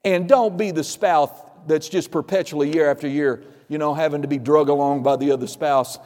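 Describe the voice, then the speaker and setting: Man, pastor, sermon, emphatic, acts out quotes, slightly high pitch, echoing sanctuary. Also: steady tone, brisk, darkish tone.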